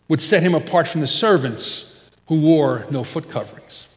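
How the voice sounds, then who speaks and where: A pastor preaching a sermon, his voice rising loud and falling quiet for emphasis. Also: a little high. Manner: expressive preaching, swells loud then drops soft. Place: church sanctuary. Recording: church hall with long reverb.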